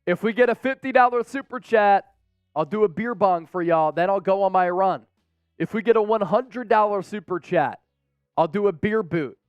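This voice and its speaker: A man's voice: high voice, moderate pace, clear, resonant tone, no echo, dull audio, soft background music. A man hosting a live sports stream, reading out viewer names in a hyped, playful way and trash-talking rival fans. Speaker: sports show host.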